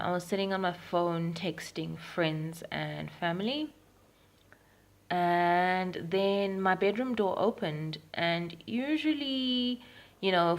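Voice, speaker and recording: A young Zimbabwean woman recording a personal video diary at home, retelling events frankly with frequent ums. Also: deep voice. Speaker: vlogger. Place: at home in Harare.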